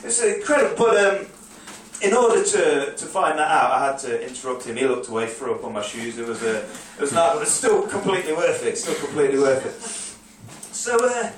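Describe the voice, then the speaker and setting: A man tells a rambling stand-up story and bursts into shouted voices of drunk clubbers. His voice sits high, and the phone that picked him up sat far off in a club so echoey that his words ring around the room. A faint hum of the crowd and the room lies under it. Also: fairly quick. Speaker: stand-up comedian. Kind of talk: stand-up comedy set. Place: comedy club stage, live audience. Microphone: phone recording from the audience.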